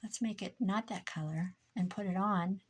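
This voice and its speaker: A woman's voice: mid-range voice, moderate pace, slightly rough. A tired woman chatting casually to herself and her viewers while crafting at home, muttering and joking at her own expense. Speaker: crafting vlogger.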